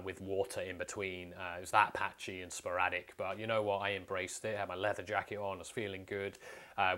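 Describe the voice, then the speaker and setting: A man with a low, deep voice tells personal stories to camera in a casual way. He talks candidly and bluntly, with plenty of swearing. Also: a bit bright. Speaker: vlogger.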